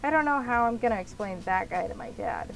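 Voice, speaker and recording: A woman's voice: fairly high pitch, expressive, brisk, creaky, faint music behind, rough recording. A woman reading the lines of an easygoing young man in a visual novel. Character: easygoing young man who loves the sea.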